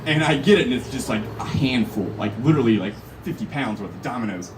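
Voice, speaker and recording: A man's voice: mid-range voice, animated, quick pace, noisy background. Rambling young man telling a story on stage. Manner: rambling, fills with "like" and "literally". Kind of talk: live comic storytelling. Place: live show venue. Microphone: phone camera from the audience. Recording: phone recording from far off.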